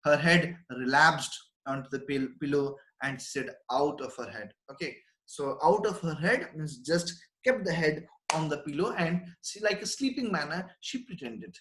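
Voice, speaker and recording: A man's voice: on the high side, expressive, moderate pace, a bit bright. A man, teaching a literature class. He reads a line, then paraphrases it in simple words and repeats it. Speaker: English teacher. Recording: echoey room.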